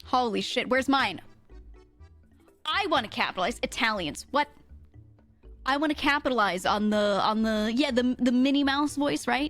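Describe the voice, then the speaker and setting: This woman streamer chats fast and casually with her chat, swearing freely and laughing often. Her register is mid-to-low and a bit bright, with soft music playing in the background.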